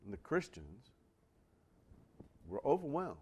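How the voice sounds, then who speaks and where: A man preaching a sermon as pastor, animated and asking his congregation questions. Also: mid-range voice, slow pace, husky. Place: church.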